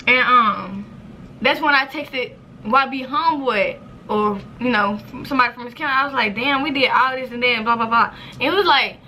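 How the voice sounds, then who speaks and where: Young woman vlogger, storytime to camera, crisp bright tone, slightly high voice, swears freely, jumps up in pitch for quotes. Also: normal speed, a little hiss or hum. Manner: animated, profane, acts out quotes with sudden high squeals. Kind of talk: casual storytime monologue.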